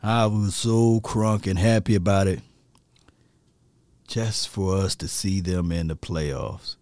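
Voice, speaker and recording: A man's voice: low voice, slow, no room sound. Ranting man. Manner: animated, ranting, laughing at himself. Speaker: sports fan commentator. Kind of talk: ranting fan commentary.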